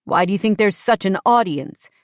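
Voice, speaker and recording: A woman's voice: medium pitch, lively intonation, normal speed, dry recording, clean studio sound, natural voice. A woman voicing a smug, patronizing man with a Southern US accent, in an audiobook. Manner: crooning, ingratiating, louder.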